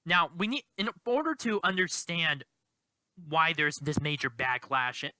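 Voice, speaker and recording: A man giving political commentary in a vlog, halting and indignant, with many restarts. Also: a little high, very animated, bright, forceful tone, clean tone, no room sound. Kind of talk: commentary vlog, reading quotes aloud.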